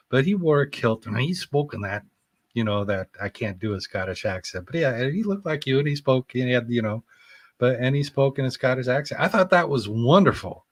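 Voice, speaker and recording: Male podcast guest, mid-pitched, earnest and rambling, full of restarts. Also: dry recording. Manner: rambling and searching for words, with frequent restarts; earnest and enthusiastic, with loud bursts of laughter. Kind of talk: casual conversation.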